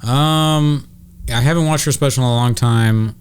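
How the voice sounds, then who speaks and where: A man trading banter on a comedy podcast in a middle-pitched voice. He jokes around and laughs often, and he sounds a little worn out after a trip. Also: moderate pace, clear, resonant tone. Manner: joking, laughs often, slips into mocking put-on voices. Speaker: podcast co-host.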